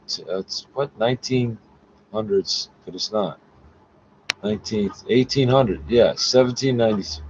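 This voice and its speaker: A man reading French aloud haltingly in a casual solo recording, cursing and arguing with the text between lines, often muttering his asides. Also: fairly low pitch, noisy background. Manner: profane, argumentative, mutters asides under his breath; reads French haltingly, stopping to correct himself. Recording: dull lo-fi recording with faint music. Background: faint music.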